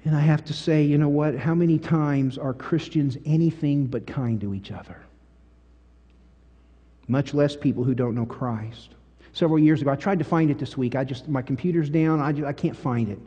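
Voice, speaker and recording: Preacher guy, pretty high voice, big echo in the church. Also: normal speed, muffled recording. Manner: emphatic, animated storytelling with big swings in volume. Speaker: pastor. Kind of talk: sermon. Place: church sanctuary. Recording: long church-hall reverb.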